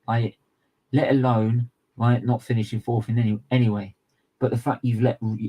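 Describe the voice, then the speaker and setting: A man's voice: medium pitch, a little mellow, breathy edge, low-quality recording. A young man ranting furiously about football, swearing hard and hammering the same points over and over as a fan channel co-host. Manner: furious, sweary, emphatic and repetitive. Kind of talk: angry match reaction rant.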